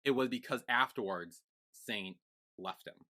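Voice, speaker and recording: A man co-hosting a podcast, recapping a TV series in casual chat, rambling and excitable with lots of fillers. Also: medium pitch, unhurried. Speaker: podcast co-host.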